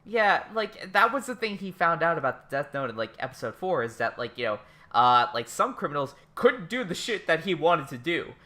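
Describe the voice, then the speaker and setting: A man co-hosting a podcast in casual chat, talking excitedly, swearing freely and acting out quotes in animated voices. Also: on the high side, normal speed, few pauses. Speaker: podcast co-host.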